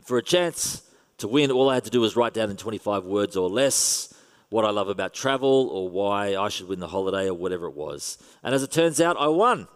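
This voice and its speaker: A man's voice: lowish voice, animated, fairly quick, clean tone. Australian man preaching in a hall. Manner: conversational preaching with wry humour. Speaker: pastor. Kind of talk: sermon.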